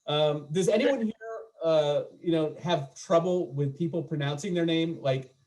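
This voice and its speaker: A man's voice: fairly high pitch, normal speed, darkish tone. A man doing a stand-up comedy set over a video call, chatting and joking with his audience in a self-deprecating way.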